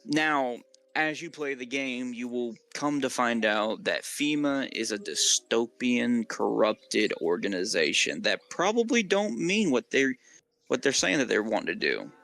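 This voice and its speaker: A man's voice: medium pitch, big pitch swings, unhurried, creaky, a bit bright. Southern US man, casual co-host, rambling filler-heavy delivery over faint music. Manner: rambling, many fillers and restarts. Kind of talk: casual gaming lore chat.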